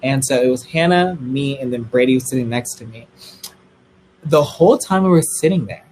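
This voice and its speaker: A young man telling a story on a livestream in a casual, gossipy way, swearing freely and squealing high when excited. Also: normal speed, slight background noise, rough recording.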